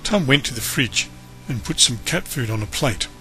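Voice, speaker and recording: Reading a children's story at normal speed, a man uses a bright, clear voice of ordinary pitch that swoops up and down expressively through every turn. Faint, soft music plays behind him.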